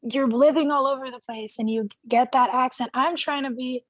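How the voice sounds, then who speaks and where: A woman's voice: high-pitched, fairly even intonation, normal speed, dry recording. A young woman from Brazil, a native Portuguese speaker, chatting animatedly in a casual group discussion over a video call and laughing often. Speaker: media group host.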